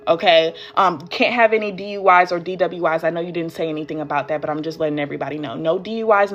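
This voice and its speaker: A woman's voice: on the low side, fairly bright tone, dull audio. Chatty woman coaching on a live stream. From United States. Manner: chatty, talks straight to viewers and answers their comments. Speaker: courier business coach. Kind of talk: casual live-stream teaching. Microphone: phone live stream.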